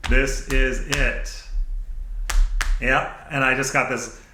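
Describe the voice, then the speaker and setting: A man's voice: mid-range voice, level tone, takes it slowly, sharp tone, echoey room, slight background noise, poor audio. A man hosting his own channel, rambling in an unedited monologue, self-mocking and laughing often as he talks back to his own thoughts. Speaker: channel host. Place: indoor room, sitting at camera.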